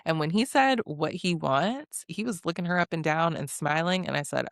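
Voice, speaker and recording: A woman recaps a reality show in a chatty, sassy way. She laughs often and acts out quotes in a fairly low voice. The sound is close and dry, with no room echo. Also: moderate pace, gravelly, few pauses. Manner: sassy commentary. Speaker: recap host.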